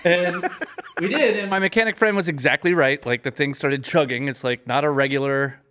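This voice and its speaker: A man telling a work story in casual chat, lively, with many fillers, acting out the people he quotes with big jumps in pitch. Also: brisk. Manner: chatty, many fillers and restarts. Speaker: podcast guest, gaffer and cinematographer.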